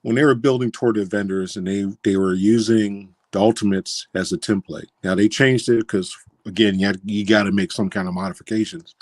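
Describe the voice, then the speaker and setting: A man with a low voice chatting casually on a podcast. He sounds easygoing and agreeable, and the recording is dry and close. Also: fairly even intonation, brisk, few pauses, darkish tone, no room sound. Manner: easygoing, agreeable listener who chimes in. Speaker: podcast co-host. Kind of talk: casual chat.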